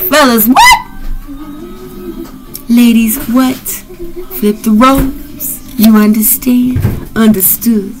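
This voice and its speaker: A brash woman with gives a loose, profane tarot reading. Her voice sits fairly high, and her delivery is rowdy and playful. Faint music plays behind her. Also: expressive, slow, pauses often, poor audio. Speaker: tarot reader.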